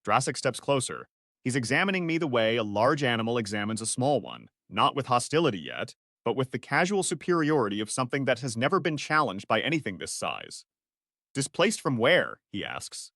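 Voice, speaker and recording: A man's voice: medium pitch, very animated, brisk, a bit bright, no room sound, studio quality. A man narrating a first-person science-fiction story in clipped, analytical sentences.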